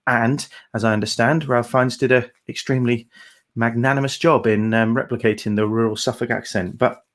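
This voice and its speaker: A man's voice: medium pitch, steady tone, moderate pace. A man co-hosting a folk song livestream, chatting casually in a rambling, hesitant way with many fillers.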